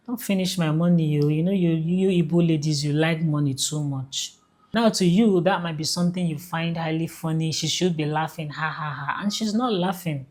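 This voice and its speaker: A woman's voice: low voice, darkish tone. A woman giving casual dating advice straight to the viewer in a direct, conversational way. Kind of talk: casual advice talk to camera.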